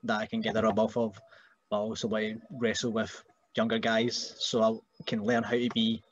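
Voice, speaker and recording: A man's voice: fairly low pitch, no room sound, lo-fi sound. A young Scottish man, a wrestler, chatting casually on a podcast and joking about people he meets. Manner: joking, does mocking voices of relatives. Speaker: wrestler guest.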